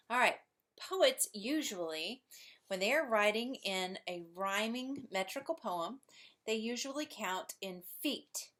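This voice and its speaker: A woman teacher recording a lesson video for her class, explaining patiently step by step and stressing syllables aloud. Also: medium pitch.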